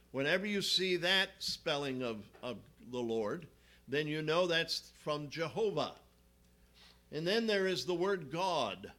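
A male pastor delivers a sermon in an unhurried, deliberate way. His voice sits a little high for a man and rings bright and forceful. He teaches from slides and asks the congregation questions.

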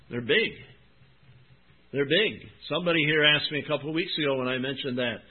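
Husky-voiced preacher man, tinny sound. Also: medium pitch. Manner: emphatic, drawn-out Bible reading, rising and dropping in volume; addresses listeners as "my friend" and "folks". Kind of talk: sermon. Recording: tinny phone-like recording.

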